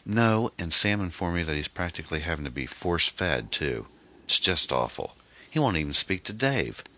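A man's voice: deep voice, very animated, moderate pace, sharp tone, voice pushed up, heavily acted. A man voicing a weary, grieving single mother as he reads a mystery novel aloud. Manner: weary, strained.

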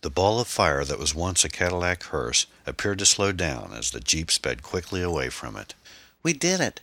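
Very deep-voiced male audiobook narrator. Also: animated, normal speed, vocal fry, sharp tone, no room sound.

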